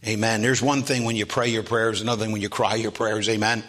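A man preaching a sermon to a congregation, asking for amens and building from steady talk to loud, high, drawn-out preaching.

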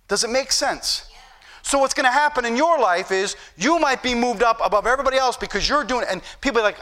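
A middle-aged preacher with a high, bright voice delivers his sermon as a story, acting out the back-and-forth himself. His emphasis climbs as the point builds. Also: animated, a little fast. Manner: storytelling, plays out dialogue with rising emphasis.

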